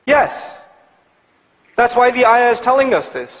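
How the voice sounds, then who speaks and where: A man preaching a sermon in an animated, conversational way, building to emphatic points. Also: very high-pitched, measured pace, long reverb tail, poor audio.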